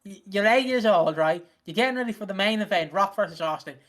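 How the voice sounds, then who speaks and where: A man's voice: sits high, expressive, fast, fairly bright tone. A man co-hosting a casual podcast chat, telling stories with lots of laughter and swearing. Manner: laughing, profane storyteller. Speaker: podcast co-host. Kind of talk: casual chat reviewing wrestling.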